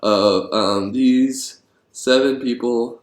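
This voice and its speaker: A man designing board games and thinking aloud, rambling and getting excited about his ideas, with many ums. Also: mid-range voice, drawn-out words. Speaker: board game designer vlogger. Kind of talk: thinking aloud while brainstorming. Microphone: handheld camera. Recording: echoey room.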